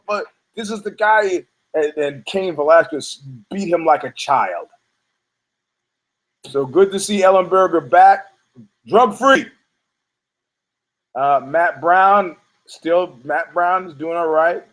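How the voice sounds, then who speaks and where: Slow and high-voiced, a man hosts an easygoing sports podcast over a rough recording. His talk meanders, he stammers and repeats himself, and the swearing flows freely.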